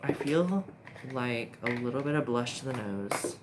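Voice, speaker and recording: A young man filming a casual makeup tutorial on his phone, rambling, chatty and easily excited, often talking to himself. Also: mid-range voice, a little slow. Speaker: makeup vlogger. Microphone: phone camera. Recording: steady background noise hiss.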